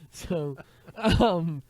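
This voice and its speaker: A man co-hosting a casual podcast, telling crude jokes and putting on loud voices for the people in them. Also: a little high, lively intonation, extremely slow, no room sound. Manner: bawdy joke-telling, loud character voices. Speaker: podcast co-host. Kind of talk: casual chat. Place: back porch, outdoors.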